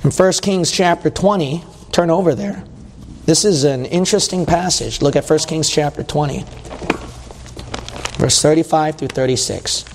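A man preaching a sermon in a church, emphatic, putting questions to the listeners and swinging between slow stressed words and quick bursts. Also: a little high, vocal fry, slight background noise. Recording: long reverb of a large hall.

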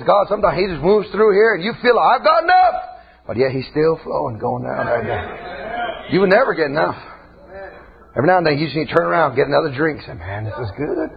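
A man preaching a fiery sermon in a folksy way, dropping to quiet talk and rising to shouts. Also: sits high. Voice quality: husky. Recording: dull lo-fi church recording.

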